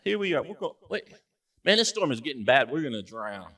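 A man's voice: on the high side, big pitch swings, moderate pace, creaky, husky, exaggerated voice. A man voicing nervous adult male disciples who chat casually and then cry out in a panic. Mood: panicked. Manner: chatty, then frantic and shouting. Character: jittery fishermen disciples, adult men, easily rattled. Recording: voice from a distance.

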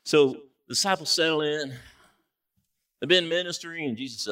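Pastor, chatty and folksy sermon delivery, animated swings in pitch. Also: male voice, brisk, long pauses. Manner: conversational, joking asides, folksy. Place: church. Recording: distant mic in a church.

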